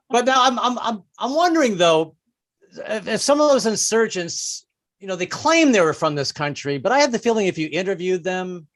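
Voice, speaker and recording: A man's voice: high voice, very animated, normal speed, fairly bright tone. A man doing a stand-up comedy set who stammers and repeats words, now and then putting on mock voices.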